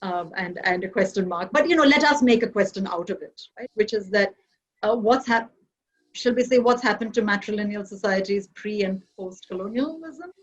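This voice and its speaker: A woman's voice: medium pitch, moderate pace, dull audio. A woman from Kerala, India, speaking on an online panel in a reflective, argumentative academic manner.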